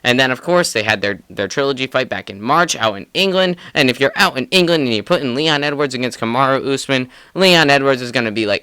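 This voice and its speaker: A young man co-hosting a podcast, chatting about fights in an excitable, profane way with frequent laughs. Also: mid-range voice, fairly quick, few pauses, clean tone, no room sound. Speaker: podcast co-host. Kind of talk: casual sports chat.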